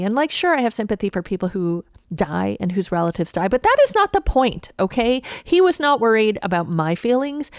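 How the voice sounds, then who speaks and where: A woman from Toronto, a comedian telling a story on her podcast in an animated, indignant and profane way. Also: medium pitch, no echo, studio quality. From Toronto, Canada. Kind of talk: storytelling monologue.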